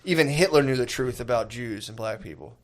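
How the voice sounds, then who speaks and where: Male podcast co-host, 30s, medium pitch, sarcastic and self-mocking, loose rambling delivery. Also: a little fast. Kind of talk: crude comedic banter.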